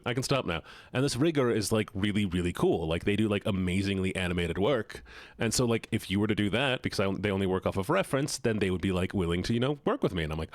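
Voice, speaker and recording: A man chatting casually with his live-stream audience while playing a game, joking, playful and quick to laugh. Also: on the low side, no echo. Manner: playful and joking, laughs often, teases chat.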